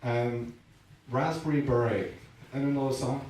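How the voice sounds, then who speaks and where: A man's voice: mid-range voice, moderate pace, a little hiss or hum. A man doing a punchy stand-up set and quizzing the audience, from far off in an echoey room. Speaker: stand-up comedian.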